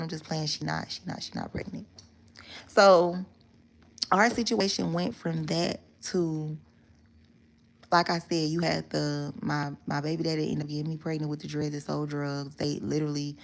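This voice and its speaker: A woman's voice: low-pitched, creaky. A woman talking straight to her viewers in a casual story time monologue, candid and rambling, with plenty of swearing. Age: adult. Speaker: vlogger telling a story.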